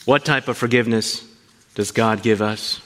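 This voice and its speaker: A man preaching a sermon, animated and asking his listeners questions as he teaches. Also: lowish voice, moderate pace, long reverb tail. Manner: animated, asks the congregation questions. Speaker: pastor.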